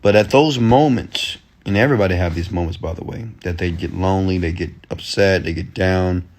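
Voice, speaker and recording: A man's voice: sits low, brisk. A man giving a motivational rant in loose, slangy talk, pressing his audience with repeated commands. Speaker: entrepreneur and motivational speaker.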